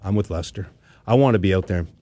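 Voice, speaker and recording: A man's voice: low-pitched, fast, warm tone, no room sound. A man hosting a podcast in casual, teasing chat with his co-hosts, also reading sponsor spots. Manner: teasing, joking. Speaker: podcast host.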